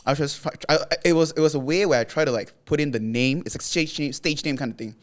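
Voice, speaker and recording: A young man with a Malaysian English accent, a podcast guest chatting casually with slangy, stop-start phrasing and easy laughs. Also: fairly high pitch. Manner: laughing, quick restarts, slangy. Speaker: podcast guest, content creator. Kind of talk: casual chat.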